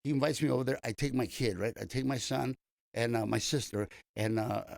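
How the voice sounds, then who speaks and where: Gravelly older man telling stories. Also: mid-range voice, fairly quick, darkish tone, no echo, studio quality. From East Los Angeles. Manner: rambling anecdotes with many restarts and fillers. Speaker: comedian guest. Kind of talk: casual storytelling interview. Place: radio studio.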